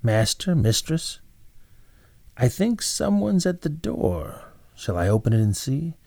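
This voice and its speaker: A man voicing a young serving girl at an inn, brisk and respectful. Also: medium pitch, big pitch swings, gravelly, mellow, dry recording, studio quality, voice pushed up, heavily acted. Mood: eager.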